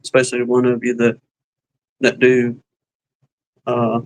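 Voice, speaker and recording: A man with a Southern drawl talks casually on a live stream, folksy and rambling, stopping often to hunt for a word. His voice sits at an ordinary middle pitch. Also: completely flat delivery, measured pace, poor audio. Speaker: beekeeping livestream co-host. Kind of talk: casual chat.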